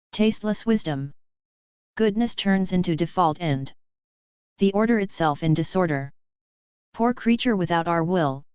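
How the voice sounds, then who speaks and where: A woman giving a slow, measured devotional reading in an even recitation. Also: fairly low pitch, clear, resonant tone, dry recording. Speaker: reader of devotional writings. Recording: dull lo-fi dry recording.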